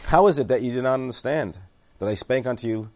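A man's voice: medium pitch, fast. A man giving a sermon, reading scripture aloud, explaining it in everyday words, and asking his listeners questions. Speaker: pastor.

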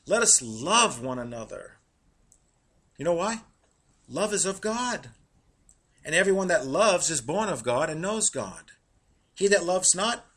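Husky, bright-voiced male preacher. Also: fairly high pitch. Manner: animated, laughing at his own jokes, slowing to read verses. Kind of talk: sermon.

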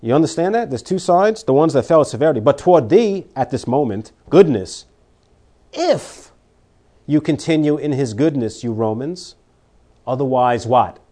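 A man preaching a sermon, reading scripture aloud and swinging between loud emphatic declarations and quiet warnings. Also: medium pitch, animated, moderate pace.

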